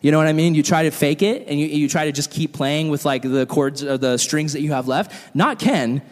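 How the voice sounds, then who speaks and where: A man preaching a sermon in a church hall with animated, comic storytelling. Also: a little high, fairly quick. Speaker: pastor. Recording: long hall reverb.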